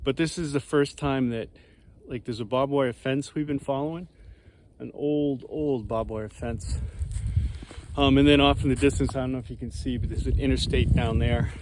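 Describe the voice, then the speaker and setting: A man vlogging outdoors on a mountain trail, talking in a relaxed, musing way that rambles a bit. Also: medium pitch, normal speed, a little hiss or hum. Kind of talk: casual outdoor vlog.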